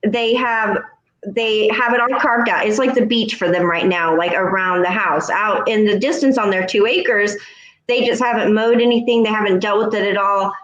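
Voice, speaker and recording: A co-host tells a story in a casual chat, animatedly acting out the other characters' voices as she goes. Her voice is mid-range at a moderate pace, and the audio sounds dull in an echoey room.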